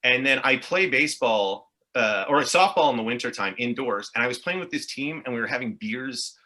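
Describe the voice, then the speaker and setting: Bright-voiced rambling Montreal man. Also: mid-range voice, expressive, moderate pace. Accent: English Canadian (Montreal Anglophone). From Montreal, Quebec. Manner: rambling, tangential storytelling with frequent swearing. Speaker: guest, actor and improviser. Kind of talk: casual podcast chat.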